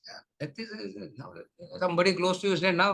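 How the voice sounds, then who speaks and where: A man with a Tamil English accent gives a spiritual lecture, his voice pitched high and bright. He repeats key phrases, poses questions to his listeners and asks if they follow, now and then switching into Tamil. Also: steady tone, racing, gravelly. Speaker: spiritual teacher.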